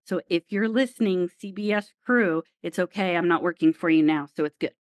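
A woman guest on a podcast, telling a story in an animated way and acting out the voices in her dialogue. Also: lowish voice, brisk, no room sound. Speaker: guest, former TV crew member.

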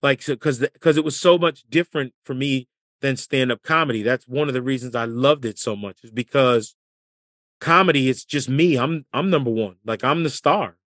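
A man and former caddie and comedian, telling lively stories as a podcast guest and laughing as he goes. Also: mid-range voice, moderate pace, no room sound, studio quality. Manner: lively storyteller, laughs through his anecdotes. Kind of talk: casual storytelling interview.

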